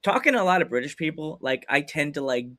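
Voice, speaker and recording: Young American man, podcast host, casual chat, excitable and rambling, fairly high voice. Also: quick pace, no room sound, clean studio sound. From United States. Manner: hyperactive, laughing, rambling.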